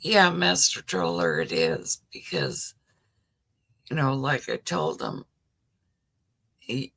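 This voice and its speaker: A woman's voice: rumbling low, wildly swooping pitch, takes it slowly, vocal fry, pauses often, fairly bright tone. A middle-aged woman hosting a casual livestream chat, rambling with lots of "you know" as she answers viewer comments. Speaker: livestream host.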